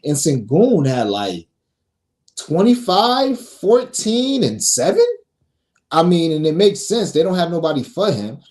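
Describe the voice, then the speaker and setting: Man, betting show host, casual, profane, mellow, slightly high-pitched. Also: very animated, normal speed. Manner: brash, profane, scolding viewers then laid-back. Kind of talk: casual sports betting picks talk.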